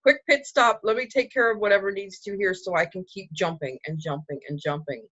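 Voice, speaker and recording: A woman's voice: mid-range voice, fairly quick, fairly bright tone, no echo, dull audio. Reassuring woman explaining spiritual growth. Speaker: spiritual co-host. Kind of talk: casual spiritual chat.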